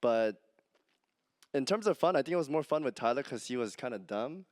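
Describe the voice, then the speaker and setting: A man speaking as a guest on a live convention panel, lively and laughing easily. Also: mid-range voice, brisk, dry recording, studio quality. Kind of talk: casual panel chat. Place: convention stage.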